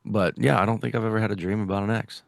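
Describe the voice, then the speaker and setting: Low-voiced man in casual podcast chat. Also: steady tone, racing, creaky, no room sound, studio quality. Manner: swears casually, says "dude" a lot. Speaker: podcast co-host.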